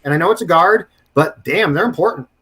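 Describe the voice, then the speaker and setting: Male podcast co-host, husky and animated, casual sports chat. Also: fairly high pitch, a little fast.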